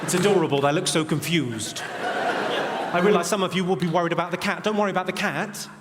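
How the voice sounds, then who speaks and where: A male stand-up comedian with a posh English accent, delivering dry, deadpan one-liners on a theatre stage. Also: high-pitched, a little fast, heavy background noise. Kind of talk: stand-up routine. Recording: reverberant theatre, loud crowd.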